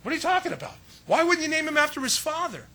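A man voicing incredulous gossiping neighbors with shrill, disbelieving exclamations, raising his voice well above his own. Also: sing-song, fast talker, bright, forceful tone, exaggerated voice.

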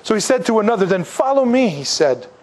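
A very animated, brisk man is a pastor giving a conversational sermon. He performs the voices of the people he quotes, letting his pitch and volume rise and fall dramatically.

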